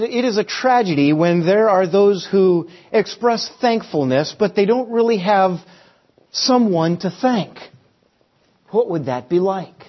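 A man preaching a sermon, storytelling with varied emphasis. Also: sits high. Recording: slightly dull recording.

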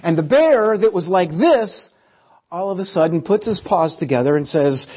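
Husky preacher man giving a sermon, tells stories, kinda muffled sound. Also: high-pitched, animated, normal speed. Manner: storytelling, varied emphasis. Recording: slightly dull recording.

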